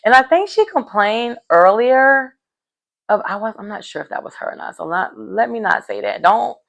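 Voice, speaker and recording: A woman's voice: a little high, expressive, moderate pace, vocal fry, fairly bright tone. A woman recapping a reality show in a rambling, chatty way, full of fillers. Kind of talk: casual recap chat.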